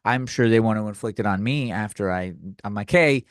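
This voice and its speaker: A man's voice: fairly low pitch, fairly quick, dry recording, studio quality. A man hosting a comedy podcast, ranting in a crude, sarcastic, rambling way with lots of restarts. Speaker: podcast host.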